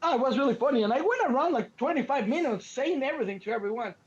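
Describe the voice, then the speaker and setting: Animated storytelling man, lo-fi sound. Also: very high voice, racing, breathy edge. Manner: animated storyteller, acts out quotes, frequent restarts. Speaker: podcast co-host. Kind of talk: casual podcast chat. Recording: lo-fi podcast audio.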